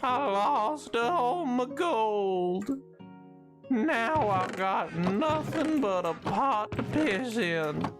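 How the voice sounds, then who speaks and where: A woman's voice: on the high side, expressive, music in the background. A woman putting on the voice of a sad, broke male cowboy, drawling and mournful, close to the mic. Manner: slow, drawn-out, mournful talk. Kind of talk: live-stream character voice. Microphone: closer to the mic than usual.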